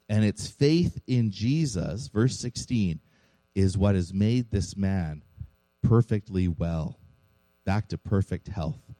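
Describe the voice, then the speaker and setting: Man, pastor, sermon, earnest rhetorical questions, mellow low voice, dry close sound. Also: expressive, takes it slowly, no room sound, low-quality recording.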